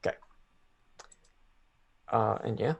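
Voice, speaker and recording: A man's voice: takes it slowly, dull audio. A man taking part as a player in a tabletop role-playing game, hesitant and prone to stammering.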